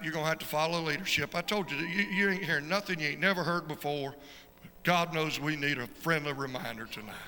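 A man preaching a fervent sermon as an evangelist, swinging from shouted peaks to quiet storytelling. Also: on the high side. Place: church sanctuary. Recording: reverberant church hall with faint noise.

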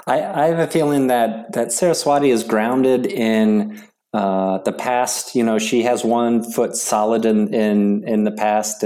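A middle-aged man, a guest in an interview, telling stories haltingly with many restarts and fillers. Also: fairly low pitch, mellow. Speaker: interview guest, yoga practitioner. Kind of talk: casual storytelling interview.

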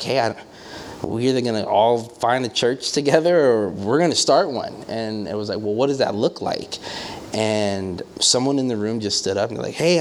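A man's voice: lowish voice, a little hiss or hum. A man preaching in a conversational way, telling stories with lots of fillers and playful acted quotes. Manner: animated storytelling with acted quotes and many fillers. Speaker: pastor. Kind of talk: conversational sermon.

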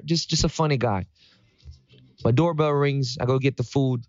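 A man's voice: medium pitch, normal speed, a little mellow, no echo, faint music behind. Upbeat preachy man, dull dry sound. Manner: preachy and upbeat, with sung greetings. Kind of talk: motivational morning talk.

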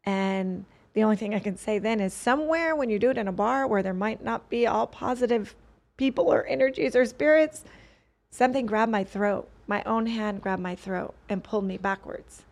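Speaking as a podcast guest, this adult woman shares a personal anecdote earnestly but circuitously, frequently abandoning sentences to begin again. Her pitch is average and mid-range, her pace moderate, and her tone slightly mellow.

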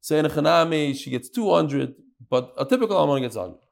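A man's voice: a little high, lively intonation, quick pace, creaky. Man leading a sing-song Talmud class. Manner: questions students and sing-songs the quoted text. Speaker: Talmud teacher.

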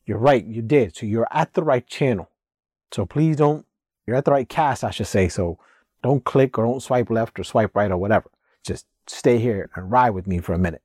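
A man's voice: mid-range voice, normal speed, a little mellow, breathy edge, no echo, studio quality. A man working as a real estate agent, giving blunt, emphatic advice in a casual talk straight to his viewers. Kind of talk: casual direct-to-camera advice monologue.

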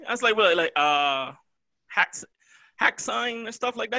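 Lively, bright-voiced young man. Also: high voice, moderate pace, dry recording. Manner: animated, laughing, acts out quoted friends. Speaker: podcast co-host. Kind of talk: casual chat.

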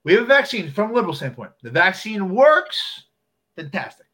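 Man, casual chat, animated, acts out quotes, high lively pitch, bright tone. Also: a little fast.

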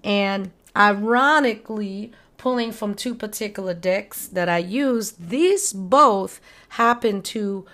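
A woman's voice: mid-range voice, slow pace, hardly any pauses, fairly bright tone. A woman hosting her own show, talking casually and upbeat about life lessons. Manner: upbeat, conversational, acts out quoted friends. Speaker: podcast host. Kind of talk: casual motivational talk.

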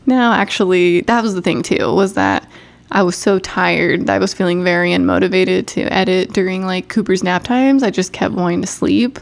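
A young woman with a stuffed-up nose, chatting loosely on a podcast. Her voice sits a little low and carries a gravelly fry. She rambles, restarts her sentences and laughs a lot. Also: moderate pace. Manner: rambling, self-interrupting, laughs often. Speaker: podcast co-host. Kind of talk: casual chat.

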